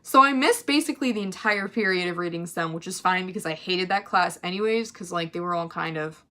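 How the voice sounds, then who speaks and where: A teenage girl telling a storytime vlog, chatty and animated, full of "like". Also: lowish voice, brisk. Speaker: vlogger.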